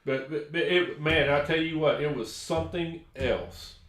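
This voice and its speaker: A man's voice: a little high, normal speed, fairly bright tone. Rambling older Texan man, echoey room. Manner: rambling storyteller, restarts and chuckles. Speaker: paranormal investigator co-host. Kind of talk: casual live-stream chat.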